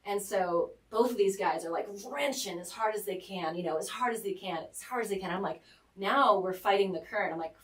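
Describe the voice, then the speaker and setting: A woman's voice: mid-range voice, a little fast, far from the mic. Chatty woman telling a story, roomy studio. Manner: animated, laughing, lots of "like" fillers. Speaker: radio guest. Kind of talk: casual storytelling. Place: radio studio.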